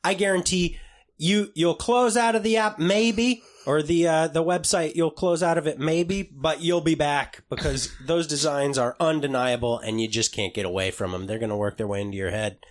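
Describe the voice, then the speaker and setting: A man's voice: on the high side, moderate pace. A man co-hosting a horror movie podcast in casual, jokey chat. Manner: animated, jokey, slips into put-on voices. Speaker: podcast co-host.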